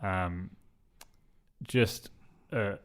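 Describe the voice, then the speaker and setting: A man's voice: deep voice, drawn-out words. A man co-hosting a podcast, full of teasing, playful banter. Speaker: podcast co-host. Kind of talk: casual chat.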